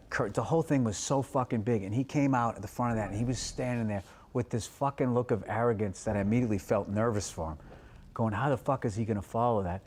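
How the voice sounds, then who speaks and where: A man who is a stand-up comedian, telling stories in casual chat, swearing a lot and acting out the people he quotes. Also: mid-range voice. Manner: animated storyteller, heavy swearing, acts out quotes.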